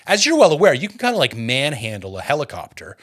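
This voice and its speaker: A man from Canada hosting a podcast, telling a personal story in a casual, animated way and getting fired up, with many filler words. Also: medium pitch, fast. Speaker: podcast host.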